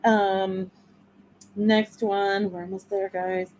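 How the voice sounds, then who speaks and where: A woman co-hosting a livestream, reading out points slowly with many fillers. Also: mid-range voice, level tone, darkish tone, a little hiss or hum, poor audio. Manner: slow, reads points with fillers. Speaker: co-host. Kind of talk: casual livestream discussion.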